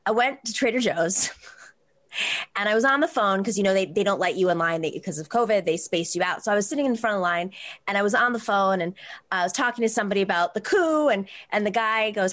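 A woman hosting a talk show, telling a personal story in a quick, animated way with many restarts. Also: mid-range voice. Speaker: host.

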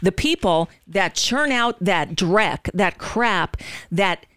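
A woman's voice: medium pitch, expressive, slow pace, fairly bright tone, clear, resonant tone, no room sound. A woman hosting a livestreamed political talk show on a studio microphone. She speaks bluntly and indignantly, swears freely and often restarts her sentences.

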